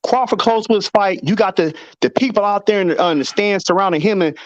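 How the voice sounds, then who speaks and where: High-voiced man arguing boxing, muffled. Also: fast. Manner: animated, acts out quotes, repeats himself. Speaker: boxing show co-host. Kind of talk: casual debate chat.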